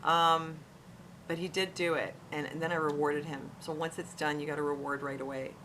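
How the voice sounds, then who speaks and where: A woman's voice: deep voice, little pitch movement, moderate pace, over loud music. A middle-aged woman and parent, giving earnest, frank advice straight to camera in a casual talk. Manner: earnest, frank, repeats words when emphasizing. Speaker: parent vlogger.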